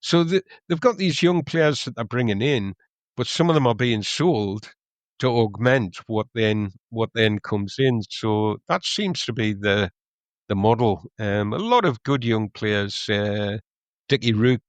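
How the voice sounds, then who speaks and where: A man's voice: lowish voice, takes it slowly, no room sound. Hesitant, rambling man. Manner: rambling, many ums and restarts. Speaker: podcast co-host, club historian. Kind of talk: casual podcast chat.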